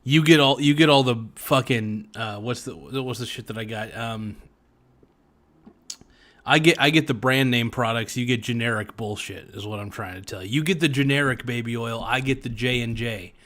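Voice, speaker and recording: A man's voice: medium pitch, normal speed, fairly bright tone. A man as a podcast guest in casual chat, crude, joking and rambling.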